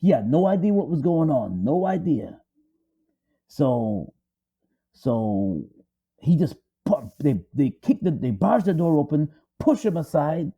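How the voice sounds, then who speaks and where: Man, dramatic storyteller, emphatic repeats, husky, very lively pitch, lo-fi dull sound. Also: slow. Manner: repetitive, emphatic, restarts for effect. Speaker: co-host.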